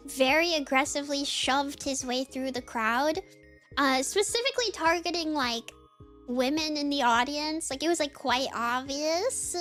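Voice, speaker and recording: A young woman streamer telling a story in casual livestream chat, animated, laughing often and saying "like" a lot. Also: high voice.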